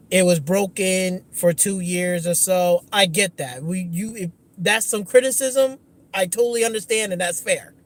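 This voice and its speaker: A man hosting a gaming livestream, ranting angrily with lots of swearing and restarts. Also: sits high. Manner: angry, profane, repetitive restarts. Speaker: gaming channel host. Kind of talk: livestream rant.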